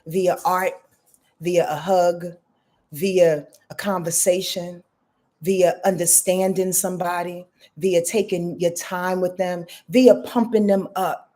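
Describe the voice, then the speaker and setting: A woman's voice: fairly low pitch, fairly even intonation, slow pace, mellow. Heartfelt rambling woman in her fifties. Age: 50s. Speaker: astrologer hosting a live reading. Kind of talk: casual live talk.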